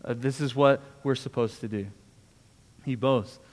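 A man's voice: medium pitch, fairly even intonation, a little slow. A man preaching a sermon in a conversational way, often repeating words and asking "right?". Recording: long hall reverb.

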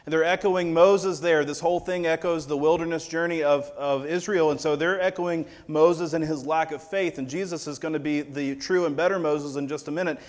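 A man's voice: on the high side, steady tone, brisk, few pauses. A man preaching a sermon in a conversational, wry storytelling manner. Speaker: pastor.

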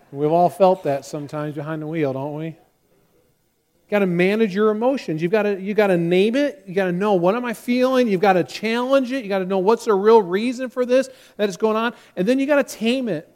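A man, a pastor, preaching a sermon and acting out quoted voices with animated delivery. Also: high voice, moderate pace.

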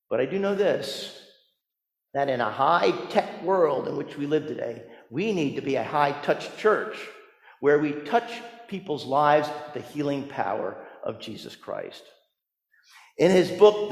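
A male pastor delivers a sermon in a high, lively voice that swoops up and down as he tells the story. He tosses rhetorical questions at his congregation. The sound rings around a church sanctuary with a long, lingering reverb. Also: gravelly.

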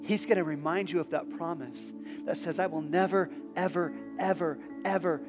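Male pastor, 30s, high-pitched and earnest, preaching in a reverberant hall with soft music underneath. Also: fairly even intonation, moderate pace. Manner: earnest, repeats phrases, drops soft for prayers. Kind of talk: sermon.

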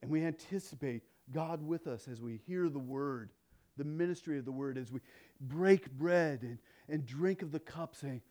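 A male pastor delivering a sermon in a fairly high voice. He swings from loud, emphatic peaks to hushed, intense lows, and he acts out the people in his stories with playful quoted dialogue. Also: normal speed.

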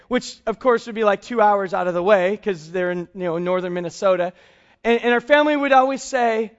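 A man preaching a sermon as a pastor, telling family stories in an animated way and slowing down to stress key points. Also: very high voice, highs cut off. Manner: storytelling, animated, slows for emphasis.

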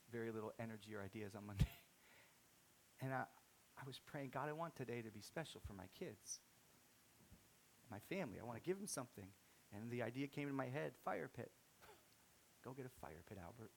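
A man in his thirties preaching a sermon, telling a story and swinging from soft-spoken to loud, excited outbursts. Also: mid-range voice, gravelly, slight background noise. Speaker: pastor.

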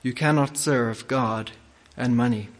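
A man preaching a sermon and leading prayer, speaking deliberately with frequent hesitations. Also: mid-range voice.

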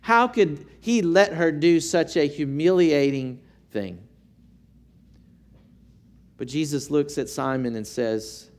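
Guy preaching slow and earnest, kinda high voice, lots of questions to the crowd. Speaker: pastor. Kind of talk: sermon.

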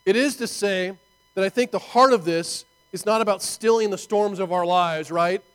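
A man preaching a sermon in an animated, conversational way, full of rhetorical asides to his listeners. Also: high voice, moderate pace, clear, resonant tone, rough recording. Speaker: pastor.

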